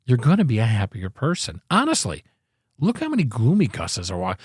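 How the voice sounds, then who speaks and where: A man's voice: medium pitch, huge pitch swings, a little fast, slightly rough, no echo, studio quality. A man hosting a casual solo podcast, speaking emphatically and in a preachy way into a podcast microphone. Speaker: podcast host.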